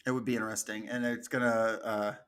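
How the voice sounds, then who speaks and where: A man's voice: fairly low pitch, level tone, fast, fairly bright tone, clear, resonant tone. A man hosting a podcast in casual chat, joking and laughing at his own jokes. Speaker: podcast host.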